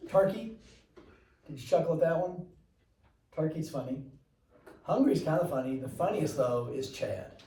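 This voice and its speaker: A man's voice: fairly high pitch, expressive, moderate pace, long pauses, mellow, roomy sound, far from the mic, a little hiss or hum, low-quality recording. A man teaching a class, chatty and rambling, with jokey asides to his students. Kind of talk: classroom lecture.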